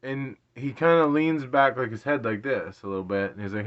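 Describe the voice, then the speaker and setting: A man's voice: medium pitch, brisk, hardly any pauses, muffled recording. A man in his late thirties casually telling an embarrassing story, rambling, self-deprecating and laughing often. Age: 30s. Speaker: vlogger.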